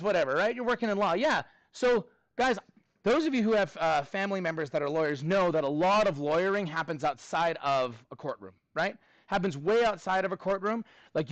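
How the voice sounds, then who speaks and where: A man's voice: sits high, dry recording. A man teaching a middle school math class in a classroom, chatty and jokey with frequent asides.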